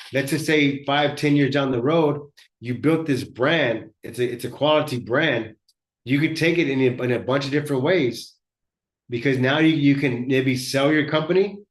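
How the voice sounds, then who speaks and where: A man's voice: medium pitch, echoey room. A man hosting a live business workshop, talking bluntly and conversationally as he coaches other shop owners, often repeating words as he goes. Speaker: host and auto body shop owner.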